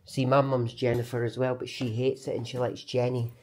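A woman's voice: very deep voice, level tone, fairly quick, a little mellow, a little hiss or hum. A Scottish woman talking casually to her vlog camera, chatty and rambling, often restarting and correcting herself. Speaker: vlogger.

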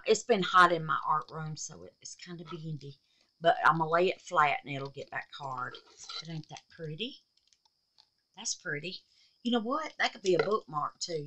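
A woman's voice: low-pitched, sharp tone, a little hiss or hum, poor audio. A woman hosting a crafting vlog in her home art room, chatting with viewers and calling them baby and darling. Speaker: resin art channel host. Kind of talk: casual crafting vlog chat.

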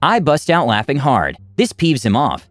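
Animated male reddit story narrator. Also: mid-range voice, moderate pace, no echo, soft background music. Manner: animated storytelling, reads out character tags.

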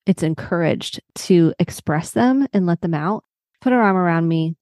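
A woman's voice: on the low side, lively intonation, moderate pace, dark tone, no echo, studio quality. A middle-aged woman therapist hosting a solo podcast, talking in a reflective, personal and open way.

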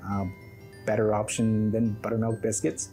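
A man from Canada, a chef, speaking in a measured, plainspoken way in an interview. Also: lowish voice, completely flat delivery, dark tone, soft background music.

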